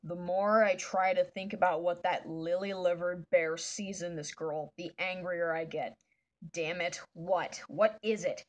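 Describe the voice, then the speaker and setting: A woman's voice: lowish voice, steady tone, a little slow, lightly acted. A woman reading out the lines of an angry, jealous bear from her own comic, in a grumbling, resentful way.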